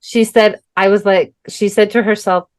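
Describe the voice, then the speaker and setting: A woman's voice: medium pitch, fairly even intonation, moderate pace. A young adult woman co-hosting a podcast, telling a story in a casual, chatty way with lots of fillers and the odd swear. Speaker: podcast co-host. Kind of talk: casual chat.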